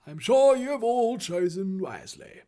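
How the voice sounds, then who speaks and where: A man voicing an old, pious headmaster who announces things slowly and with authority. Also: high voice, lively intonation. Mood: announcing.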